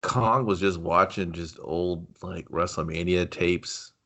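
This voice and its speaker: A man's voice: deep voice, slow pace, fairly bright tone. A man co-hosting a movie review podcast, talking in a laid-back, dry and sarcastic way. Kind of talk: casual profane movie chat.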